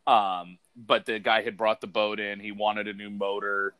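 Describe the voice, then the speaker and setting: A man in a casual chat, telling an animated story full of fillers and the word dude. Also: lowish voice, moderate pace, smooth, no echo.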